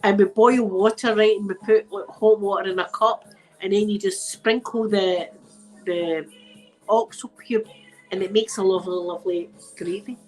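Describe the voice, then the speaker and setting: Scottish woman, mid-pitched, stuffy-nosed, rambling live-chat host, faint music behind. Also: steady tone, moderate pace, a little mellow, poor audio. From Scotland. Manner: chatty, rambling, swears casually, laughs often. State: blocked nose. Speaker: ASMR channel host. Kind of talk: casual livestream chat, answering viewers. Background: faint music playing.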